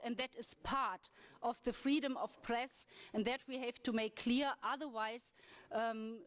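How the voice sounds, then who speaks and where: A woman chairing a hearing, giving an earnest, emphatic formal address and introducing the next speaker. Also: fairly high pitch.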